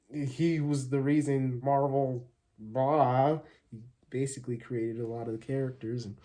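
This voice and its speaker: A man's voice: medium pitch, darkish tone. A man hosting his own channel, talking casually to viewers in an upbeat, rambling way with many fillers and restarts. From Arizona, USA. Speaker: channel host. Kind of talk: casual thank-you vlog.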